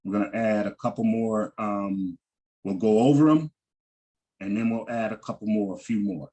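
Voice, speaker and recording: A man's voice: on the low side, moderate pace, dark tone. A man teaching a Hebrew vocabulary lesson, patiently repeating each word with frequent ums and restarts.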